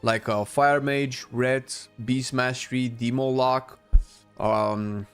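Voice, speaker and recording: A man's voice: mid-range voice, steady tone, takes it slowly, clean tone, soft background music. A man streaming a game, chatting casually with viewers and giving blunt opinions while thinking aloud with frequent restarts. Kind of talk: casual live-stream commentary answering chat.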